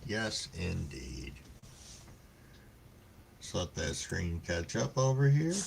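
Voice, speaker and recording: A man's voice: sits low, expressive, normal speed, gravelly, a little mellow, a little hiss or hum. A man hosting a live stream, chatting casually with viewers in a laid-back, rambling way and swearing freely while stoned. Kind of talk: casual chat reading viewer comments.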